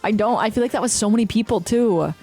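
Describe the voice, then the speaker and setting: A woman's voice: a little high, quick pace, breathy edge, soft background music. A woman in her thirties, a streamer, telling a story in casual chat with frequent swearing. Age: 30s. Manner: ranting, profane, animated storytelling.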